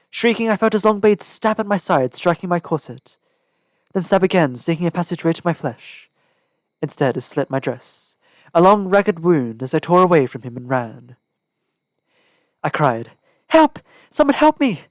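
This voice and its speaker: A man's voice: a little high, dry recording, low-quality recording. A man narrating an audiobook in the first person with a dramatic, tense delivery. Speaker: audiobook reader.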